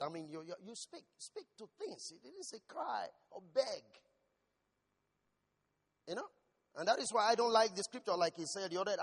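Pastor, male, preaching voice with shouted peaks, high register, long hall echo. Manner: asks the congregation questions. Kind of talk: sermon.

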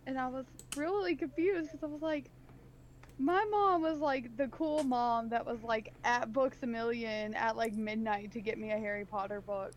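A woman's voice: a little high, fairly even intonation, normal speed, highs cut off. A woman on a casual podcast telling a story, chatty and full of "like" and "um" fillers. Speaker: podcast co-host. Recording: faint background noise.

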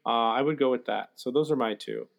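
A man's voice: mid-range voice, huge pitch swings, brisk, gravelly. A man co-hosting a casual podcast chat, hesitant and full of fillers and restarts. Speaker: podcast co-host.

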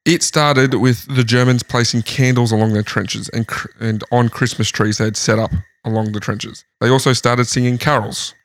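A man's voice: medium pitch, fairly even intonation, normal speed, few pauses, no room sound. A man host casually telling a history story in a lounge room, laughing often. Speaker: podcast host.

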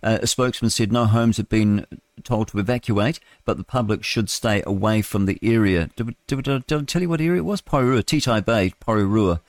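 A New Zealand man hosting talk radio, reading news aloud and wandering off into rambling asides, tripping over his words. His voice sits low, and the sound is close and dry with no room around it. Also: brisk, dry recording. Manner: rambling, stumbling, with chatty asides. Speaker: radio host.

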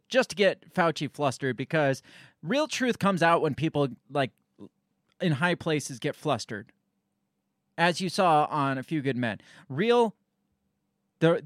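A man's voice: fairly high pitch, dry recording, clean studio sound. Rambling man commenting on a clip. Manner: loose, rambling, sarcastic, swears casually. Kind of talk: casual commentary on a news clip.

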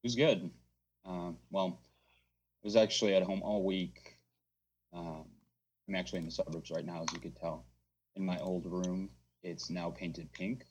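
A man co-hosting a podcast remotely from a home basement, talking in a low-key, dry way that trails off. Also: fairly even intonation, normal speed, pauses often, darkish tone, slight background noise. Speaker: podcast co-host. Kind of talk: casual chat.

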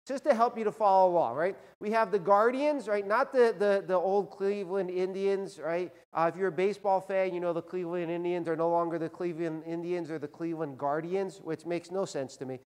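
A man with a notably high voice delivers a sermon from the front of a church, his words ringing in a long hall reverb. He talks in a folksy storytelling way, tossing "right?" to the congregation. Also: a little fast, few pauses, a little mellow. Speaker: pastor. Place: church sanctuary.

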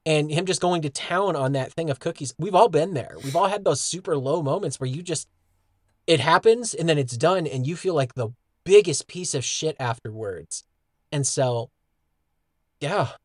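Relaxed, earnest man, dry close mic. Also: fairly high pitch, normal speed, no room sound. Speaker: podcast co-host. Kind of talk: casual chat.

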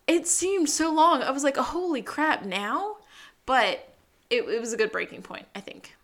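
A woman with a bright, slightly high voice co-hosts a laid-back TV recap podcast. She retells each scene and jumps into the characters' lines with quick, animated bursts. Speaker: podcast co-host. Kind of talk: casual recap chat.

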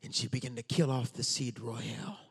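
Man preaching a sermon, gravelly edge, high bright voice, shouts and half-sings at peaks. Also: normal speed.

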